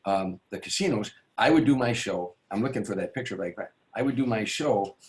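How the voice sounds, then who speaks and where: As an interview guest, a stand-up comedian tells a long show-business anecdote, rambling, restarting sentences, adding asides, and acting out the characters. His voice is on the low side, animated and a little fast, with slight background noise.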